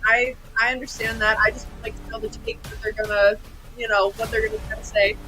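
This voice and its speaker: A woman on a comedy news panel, chatty and breezy, firing off quick opinions. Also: on the high side, level tone, over music. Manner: chatty, breezy, self-described yapping. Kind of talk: rapid-fire hot takes.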